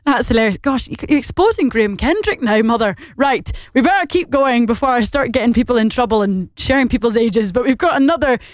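A woman's voice: fairly high pitch, expressive, fairly quick, hardly any pauses, no room sound, clean studio sound. A woman with a Scottish accent presenting live radio, chatting casually and laughing often as she reads listener comments.

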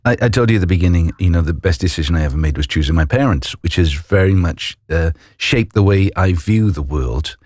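Deep-voiced man interviewing gently. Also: animated, a little fast, few pauses, no echo, clean studio sound. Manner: gentle, hesitant questions with restarts. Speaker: host. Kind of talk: faith interview.

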